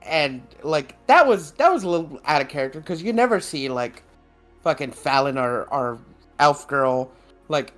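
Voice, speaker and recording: A man's voice: on the high side, lively intonation, moderate pace, a bit bright, faint music behind. Rambling, laughing podcast guy. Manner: rambling, laughs often, swears casually. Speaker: podcast co-host. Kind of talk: casual chat.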